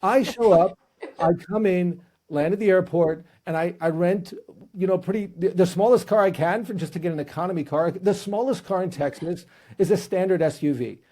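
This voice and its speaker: A man's voice: high-pitched, moderate pace, mellow. A male podcast host interviewing guests, telling a humorous story with casual restarts.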